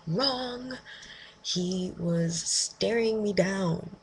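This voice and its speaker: A young woman vents about her day in a loose, exasperated storytelling rant, peppering everything with "like" and "right?". Her voice sits fairly low with a gravelly edge. A faint hiss runs underneath. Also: measured pace, long pauses, poor audio. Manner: animated, exasperated, lots of "like" and "right?". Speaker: vlogger.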